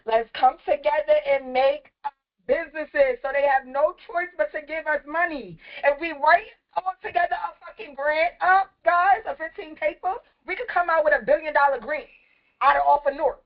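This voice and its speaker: Furious high-voiced woman, going hoarse. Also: moderate pace. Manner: angry, profane, shouting in bursts. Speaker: community activist. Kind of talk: impassioned rant. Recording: dull lo-fi clip.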